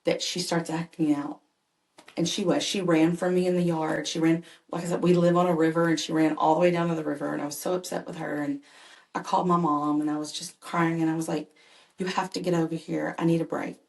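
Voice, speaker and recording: Earnest mom telling stories in an echoey room. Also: female voice, low voice, a little fast, gravelly. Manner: earnest, animated, laughs while telling stories. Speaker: guest, mother and caregiver. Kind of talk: conversational personal storytelling.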